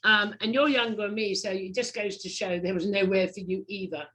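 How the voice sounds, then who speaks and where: A woman's voice: medium pitch, steady tone, fairly quick, sharp tone. A middle-aged woman hosting an interview, chatty, with frequent short affirmations. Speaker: host. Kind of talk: casual interview chat.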